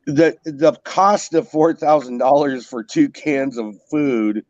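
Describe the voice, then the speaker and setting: A man's voice: fairly high pitch, slow pace, a little mellow, no echo. A man hosting a casual panel chat, rambling and correcting himself as he goes. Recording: dull, dry lo-fi sound.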